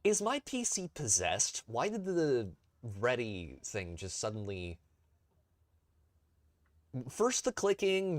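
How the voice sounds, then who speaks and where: A man's voice: mid-range voice, dry recording. A young man streaming a tank game, tired and rambling in a self-deprecating way while talking to his chat. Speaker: gaming streamer. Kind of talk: casual live-stream commentary.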